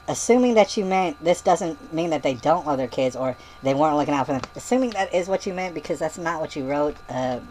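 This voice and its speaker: Man, vlogger, sarcastic, nitpicking, halting restarts, faint background noise. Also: fairly high pitch, darkish tone, rough recording. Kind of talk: reading out and rebutting a comment.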